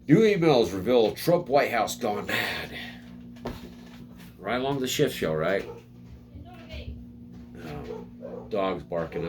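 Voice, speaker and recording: A man's voice: sits low, a little mellow. A man hosting a casual political commentary, reading headlines and ranting sarcastically from home, with frequent restarts. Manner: sarcastic, rambling, mocking voices in quotes.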